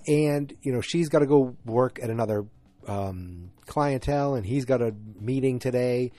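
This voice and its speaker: A man's voice: medium pitch, dark tone, no room sound. Rambling man with a Boston accent. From north of Boston, USA. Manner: rambling, full of fillers and asides. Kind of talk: casual TV recap.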